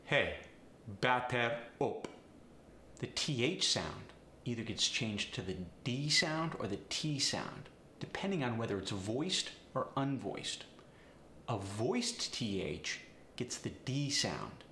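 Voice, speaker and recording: A man coaching an accent lesson in an emphatic, encouraging tone, over-articulating every sound. His voice is bright and forceful at an unhurried pace. The recording is roomy, with a faint hum of background noise. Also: medium pitch, very animated.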